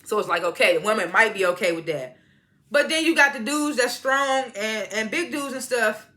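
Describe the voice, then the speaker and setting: A woman's voice: fairly high pitch, lively intonation, moderate pace, bright, forceful tone. A woman chatting through a recap of a TV episode, retelling the scenes in quoted voices and laughing often. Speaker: TV show reviewer. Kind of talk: casual recap and review.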